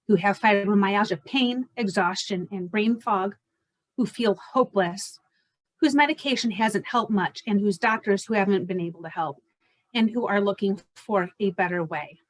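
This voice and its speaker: A woman's voice: medium pitch, no room sound. Earnest woman coach in her 40s. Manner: earnest, direct, listing points steadily. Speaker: fibromyalgia coach. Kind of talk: personal story and coaching pitch.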